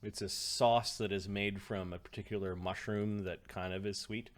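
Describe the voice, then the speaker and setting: A man's voice: fairly low pitch, steady tone, normal speed. A man narrating a tabletop game as game master, rambling with many fillers.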